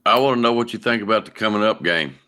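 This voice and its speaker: A man's voice: on the low side, fast, bright, forceful tone. A man, hosting a casual podcast chat in an easygoing, colloquial way. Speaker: podcast host.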